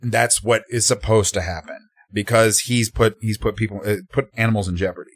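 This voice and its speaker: A man's voice: fairly low pitch, fairly quick, no echo, clean studio sound. A man co-hosting a podcast, talking through a film casually and acting out reactions in quoted voices. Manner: animated, acts out quoted reactions. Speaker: podcast co-host.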